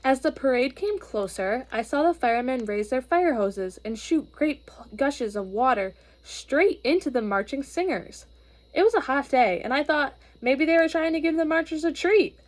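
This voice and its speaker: A woman reading a storybook aloud to children, expressive and gently explaining. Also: sits high, moderate pace.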